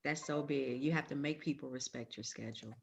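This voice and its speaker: A woman's voice: very deep voice, fairly quick, vocal fry. A woman leading a sales training, stressing and repeating her key points. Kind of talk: motivational team training talk.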